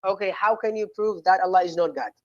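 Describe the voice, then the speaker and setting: A male caller in a heated call-in debate, speaking haltingly and repeating himself as he tries to get a word in. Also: sits high, no room sound. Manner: halting, repeats "okay" and "listen" while trying to get a word in. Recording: dull lo-fi call line.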